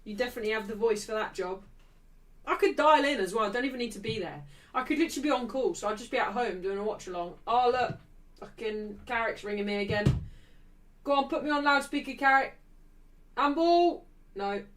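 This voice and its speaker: A woman's voice: fairly high pitch, fast talker, far from the mic, rough recording. A woman hosting a football watchalong stream, ranting and swearing as she talks to her chat. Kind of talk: casual live-stream chat.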